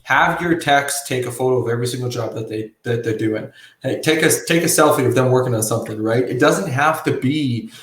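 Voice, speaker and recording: A man's voice: mid-range voice, fairly quick, fairly bright tone. A man co-hosting a podcast in a loose, joking manner with the odd curse word. His voice sits in the middle of the range. The sound is roomy, with noticeable echo around him. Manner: loose, joking, swears casually. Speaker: podcast co-host. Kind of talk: casual podcast chat.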